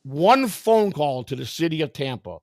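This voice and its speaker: Man, high voice, gravelly, animated storyteller, video call, dry sound. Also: moderate pace, no echo. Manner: animated storytelling, heavy swearing, mimics a pleading neighbor. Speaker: stream host. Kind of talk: casual profane chat on a video call.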